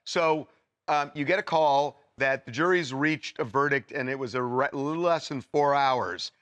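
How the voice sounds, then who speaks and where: A male talk show host questioning a guest in quick, eager bursts. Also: medium pitch, fairly bright tone, clean tone. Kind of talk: studio interview questions.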